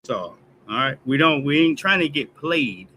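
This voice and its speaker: A man's voice: mid-range voice, lively intonation, moderate pace, bright, forceful tone, poor audio. A man hosting a news commentary stream, ranting emphatically and tagging lines with "all right?". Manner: emphatic, repetitive "all right?" tags, heated and profane. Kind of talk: casual commentary rant.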